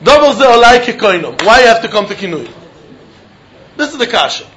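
High-voiced man giving a Talmud class. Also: big pitch swings, fairly quick, fairly bright tone, slight background noise. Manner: Yiddish-laced English, chanting question-and-answer. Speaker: Talmud teacher. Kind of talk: Talmud lecture.

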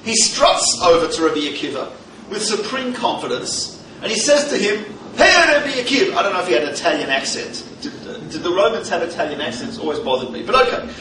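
Bright-voiced man teaching with humor. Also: fairly high pitch, fast talker. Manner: humorous, animated storyteller. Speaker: religious teacher giving a lecture. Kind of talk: lively teaching lecture with stories and jokes. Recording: roomy, distant mic, faint background noise.

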